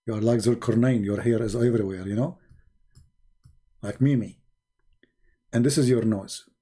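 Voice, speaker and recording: A man's voice: medium pitch, fairly even intonation, moderate pace, warm tone, breathy edge. A man giving a sarcastic, mocking commentary monologue as an online religious debater, theatrical in delivery.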